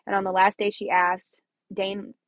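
A woman's voice: medium pitch, little pitch movement, normal speed, dry recording. A young woman from Missouri hosting a podcast, talking earnestly and chattily about faith, often repeating herself and laughing. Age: young adult. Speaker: podcast host. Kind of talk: personal faith talk.

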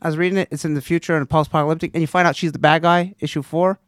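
A man's voice: on the high side, steady tone, rapid-fire, fairly bright tone, clean tone, no echo, clean studio sound. A man co-hosting a podcast in casual chat, blunt and opinionated. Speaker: podcast co-host.

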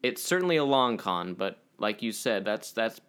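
A man's voice: lowish voice, sing-song, moderate pace, fairly bright tone, smooth. A man co-hosting a podcast, chatting casually and rambling into jokey asides. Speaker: podcast co-host. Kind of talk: casual chat.

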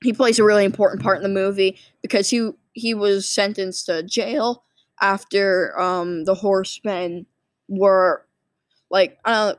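A woman's voice: medium pitch, fairly even intonation, unhurried, dry recording. A sleepy woman casually rambling through a movie plot summary, full of fillers and restarts. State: sleepy, yawning. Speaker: movie recap vlogger.

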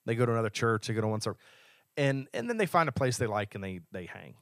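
A man's voice: medium pitch, very animated, fast talker, fairly bright tone, dry recording, studio quality. A man co-hosting a church podcast as an elder, talking in an eager, teasing, casual way. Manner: enthusiastic, teasing. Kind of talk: casual chat.

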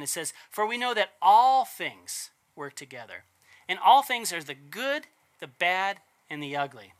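A man with a high-pitched, sharp-toned voice preaches a casual, conversational sermon. He chats along, poses rhetorical questions and corrects himself as he goes.

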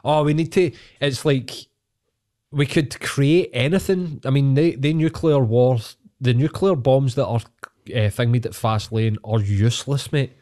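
A man's voice: mid-range voice, unhurried, warm tone. A man with a Scottish accent on a casual podcast, ranting and swearing heavily.

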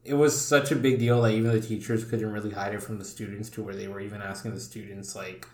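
A man's voice: medium pitch, fairly even intonation, quick pace, hardly any pauses, darkish tone. Young guy podcasting, swears a lot, lots of likes and ums, echoey room. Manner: loose, profane storytelling with lots of fillers. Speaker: podcast host. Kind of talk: casual chat.

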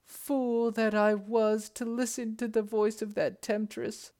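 High anguished princess. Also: male voice, little pitch movement, slow pace, darkish tone. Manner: high-pitched anguished crying out. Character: grieving young princess, anguished.

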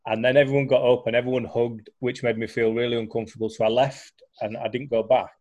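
Man, young adult, chatty storyteller, casual talk, mid-pitched. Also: fairly even intonation, a little fast, few pauses, darkish tone. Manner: chatty storyteller, many fillers and restarts. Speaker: guest sharing recovery story. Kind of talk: casual conversation.

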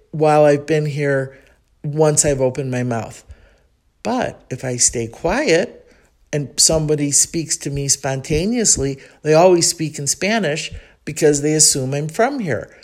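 A woman's voice: deep voice, darkish tone. A woman from Chicago with a Chicago accent, hosting a casual podcast monologue in a rambling, reflective way with frequent ums. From United States (Chicago). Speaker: podcast host.

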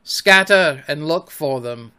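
A man voicing a brooding, vengeful male pirate captain in an audiobook, with a slow, forceful, theatrical delivery. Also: fairly high pitch, expressive, clean tone, full character voice. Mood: passionate, menacing. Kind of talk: audiobook character voice.

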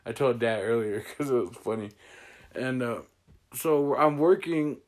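A man's voice: mid-range voice, a little slow. A young man hosting a casual chat with his siblings, rambling through stories and laughing often. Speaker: host.

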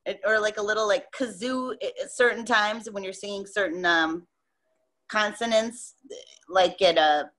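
A woman guest on a podcast, a musician, chatting casually in a loose, animated way with a lot of swearing. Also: mid-range voice, normal speed. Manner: loose, profane, animated storytelling. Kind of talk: casual interview chat.

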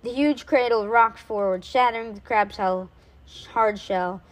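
Bright-voiced woman reading a storybook. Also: on the high side, a little slow, low-quality recording. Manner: lively, with small slips and corrections. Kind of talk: storybook read-aloud.

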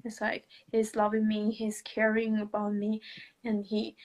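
A woman sharing a personal story in conversation, speaking hesitantly with many restarts, soft laughs and non-native English grammar. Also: mid-range voice, monotone, a little slow, heavy background noise.

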